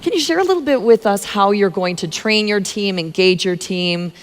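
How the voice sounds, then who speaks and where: A woman's voice: mid-range voice, animated, moderate pace, long reverb tail, slight background noise. A woman moderating a casual panel, affirming guests and asking friendly questions.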